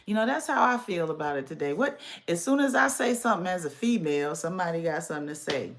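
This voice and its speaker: A woman hosting her podcast with sassy, animated casual commentary, talking straight to her audience. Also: on the low side, quick pace, slight background noise. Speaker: podcast host.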